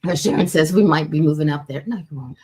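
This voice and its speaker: Casting: talk-show host, woman from Quebec, slightly low voice, jokey and chatty. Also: fast, darkish tone, husky. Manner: chatty, laughing, joking. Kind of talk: casual chat.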